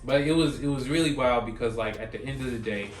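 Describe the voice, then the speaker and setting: A man co-hosting a podcast in casual chat, animatedly retelling scenes and mimicking people. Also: quick pace. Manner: animated, mimics others in high squeals while retelling. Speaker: podcast co-host. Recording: roomy, distant mic with faint music.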